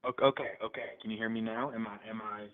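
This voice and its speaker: A man with a low, deep voice calls in over a thin, tinny phone line. He speaks hesitantly, stalls and restarts while he argues his side. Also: steady tone, fast. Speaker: caller.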